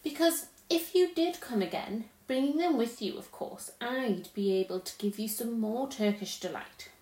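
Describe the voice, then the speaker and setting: A woman's voice: fairly high pitch, animated, normal speed, a little mellow. A woman reading aloud and voicing a cold, scheming queen who coaxes a boy with sweet, lilting promises and a commanding edge. The recording has a roomy echo. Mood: coaxing.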